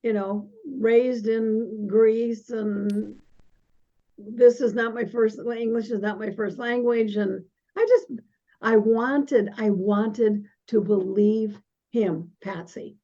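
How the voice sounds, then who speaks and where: An older woman in a relaxed conversation, her voice mellow and a little high. She speaks slowly, stopping and restarting her sentences. The sound is dull and lo-fi. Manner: halting, with frequent restarts. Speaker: guest. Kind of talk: casual conversation. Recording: dull lo-fi audio.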